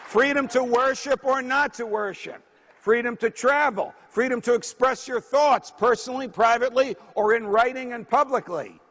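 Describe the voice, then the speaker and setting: A man's voice: very high voice, moderate pace, a bit bright. A man giving a political speech, emphatic and rhetorical, lecturing a crowd. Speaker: speaker. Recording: reverberant hall.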